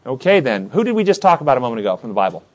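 A man with a medium-pitched voice teaches a Bible study class at a very fast pace, animatedly asking many questions and acting out the scenes he describes.

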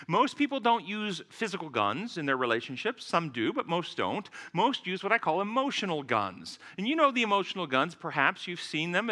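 A man preaching a lecture-style sermon, earnest and deliberate as he tells his stories. His voice sits high for a man, with a wide, animated pitch range and a bright, forceful tone. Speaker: physician and speaker.

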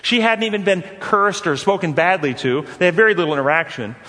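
A man teaching a forgiveness course in an earnest, repetitive way, putting questions to his listeners. His voice sits somewhat high for a man. A long reverb from a large hall trails after his words. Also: lively intonation, quick pace, a bit bright. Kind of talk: teaching talk with stories.

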